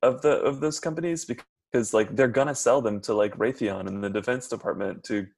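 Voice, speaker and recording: A man's voice: medium pitch, brisk, vocal fry, darkish tone. A young man in a casual chat giving blunt, emphatic opinions. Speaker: guest.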